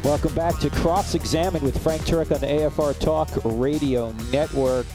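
A middle-aged man hosting a radio talk show, interviewing a guest and reading promotions in a brisk announcer style. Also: fairly high pitch, fairly even intonation, over music.

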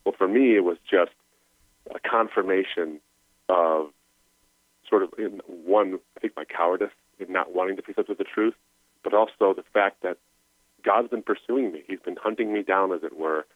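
A man's voice: low-pitched, normal speed, no echo. A middle-aged man telling his personal story as a guest, earnest and emotional, over a tinny phone line. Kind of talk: personal testimony.

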